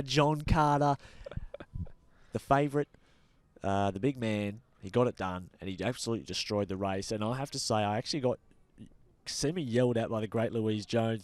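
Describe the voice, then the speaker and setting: An Australian man co-hosting a cycling show, talking in an energetic, chatty way with lots of fillers. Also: mid-range voice, clean tone, dry recording. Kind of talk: casual sports chat.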